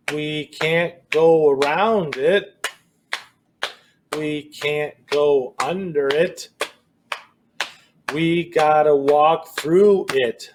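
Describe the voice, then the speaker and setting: A man's voice: on the high side, background noise. A man leading a children's story walk outdoors, chanting a repeating refrain with playful exclamations. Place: outdoors in a cornfield and woods.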